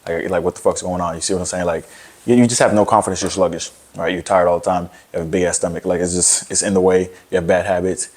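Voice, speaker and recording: A man's voice: low voice, steady tone, fast, a little mellow. A young man giving a blunt, profane motivational rant to camera about fitness, rambling with many restarts. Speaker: fitness content creator.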